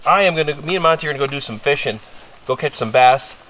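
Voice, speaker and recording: A man's voice: on the high side, fast talker, bright, forceful tone, slight background noise, low-quality recording. A young man chatting casually while camping in the woods, rambling and coaxing his dogs along. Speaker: outdoor vlogger. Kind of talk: casual camping vlog chat. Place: outdoors in the woods by water.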